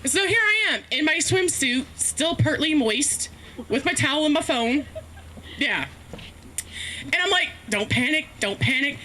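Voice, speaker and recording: A woman's voice: high voice, lively intonation, measured pace, long pauses, pushed and bright. A woman telling a rambling, profane, self-mocking story as a stand-up comedian, laughing often. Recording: faint background noise, live stream.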